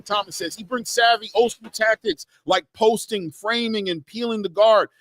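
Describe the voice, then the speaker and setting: A man hosting a casual boxing live stream, reading out viewer comments and giving shout-outs in a loose, chatty way. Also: high-pitched, steady tone, normal speed, few pauses, slight background noise. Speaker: boxing show host.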